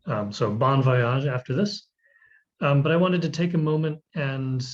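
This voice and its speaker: Male instructor, chatty recorded lecture, plenty of ums, slightly lo-fi sound. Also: mid-range voice. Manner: conversational, many "um"s, asks questions.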